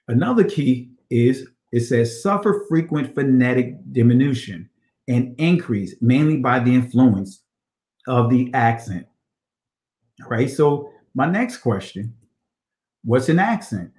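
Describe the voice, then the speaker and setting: Reading passages aloud, a man teaches about ancient Hebrew in a scripture study, peppering it with rhetorical questions and "all right?" check-ins. His voice is mid-range with a darkish tone, and the sound is reverberant.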